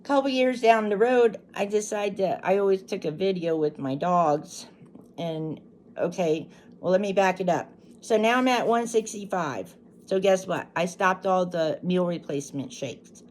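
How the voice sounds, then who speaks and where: A woman's voice: lowish voice, expressive, a little slow, darkish tone, a little hiss or hum. A middle-aged woman casually telling a personal story to her viewers, rambling and restarting as she goes. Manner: chatty, rambling, lots of restarts and asides. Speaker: channel host.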